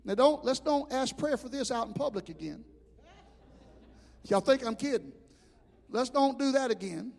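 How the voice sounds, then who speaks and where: High-voiced preacher in a reverberant hall. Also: male voice, moderate pace, vocal fry, pauses often. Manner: animated storytelling with shouted impressions. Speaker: pastor. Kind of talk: sermon. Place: church hall.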